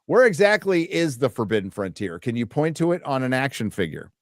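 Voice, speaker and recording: A man's voice: medium pitch, big pitch swings, brisk, no room sound, studio quality. A man hosting a live stream, reading viewer donation messages aloud in a casual, profane way. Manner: reads donation messages aloud, swears freely.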